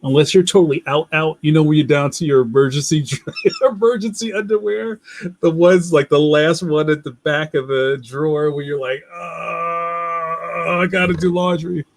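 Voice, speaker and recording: A man's voice: fairly high pitch, steady tone, normal speed, a little mellow, no echo. A young man with a Philadelphia accent hosting a casual livestream, rambling loosely, laughing often and reading out viewer comments. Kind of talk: casual chat.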